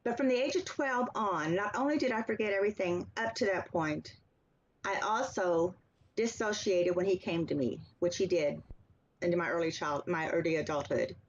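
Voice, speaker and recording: A woman guest giving an earnest, steady personal account in an interview. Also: fairly low pitch, moderate pace, a little hiss or hum. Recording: slightly dull, lo-fi sound.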